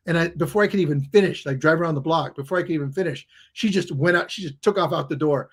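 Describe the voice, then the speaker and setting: High-voiced animated male storyteller. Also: fast, hardly any pauses, slightly rough. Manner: animated, acts out the people in his stories. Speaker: guest, coach and author. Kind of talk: conversational storytelling.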